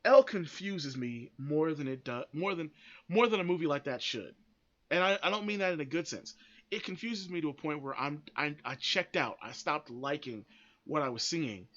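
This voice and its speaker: A man's voice: a little high, expressive, normal speed, a bit bright, muffled recording. A man hosting a podcast, giving blunt, opinionated commentary that rambles with frequent restarts and free swearing. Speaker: podcast host.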